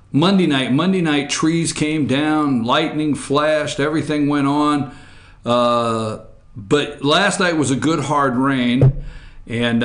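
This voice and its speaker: A man's voice: mid-range voice, fairly bright tone, reverberant. A man hosting a casual morning opinion show from a studio, rambling and joking irreverently.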